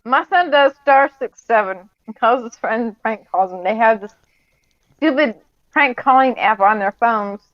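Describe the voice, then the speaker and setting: A woman joining a casual chat with quick remarks. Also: a little high, no echo, lo-fi sound.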